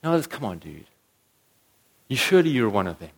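A man voicing a pushy young male bystander who teases and presses someone in quick, casual talk during a sermon retelling. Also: on the low side, very animated, gravelly, breathy edge, full character voice. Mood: teasing.

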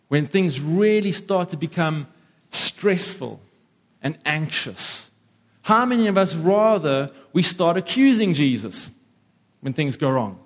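Male pastor, slightly high voice, emphatic sermon delivery, acts out listeners' voices.

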